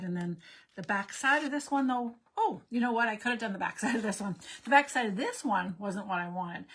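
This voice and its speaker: A woman's voice: mid-range voice, slight background noise. A woman hosting a card-making livestream, thinking aloud in a loose, meandering way. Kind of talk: casual crafting livestream chat.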